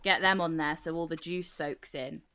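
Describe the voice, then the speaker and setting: A woman's voice: sits low, normal speed, bright, forceful tone, clear, resonant tone. A woman in a casual group chat who describes food eagerly and chattily, with many fillers. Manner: chatty, enthusiastic, full of fillers.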